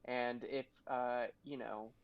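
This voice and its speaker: A man's voice: medium pitch, level tone, slow, smooth, dry recording. A man player in a tabletop game talks in loose, rambling bursts full of fillers. His mic sounds dull and lo-fi, dry and close. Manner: rambling, hesitant, with many fillers. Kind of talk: casual tabletop role-play.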